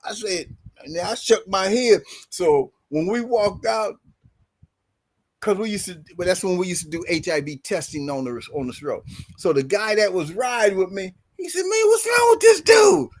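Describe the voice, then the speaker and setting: A man's voice: sits high, expressive, moderate pace. A man on a podcast telling a workplace story in casual chat, acting out the quoted dialogue with bursts of laughter. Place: podcast studio.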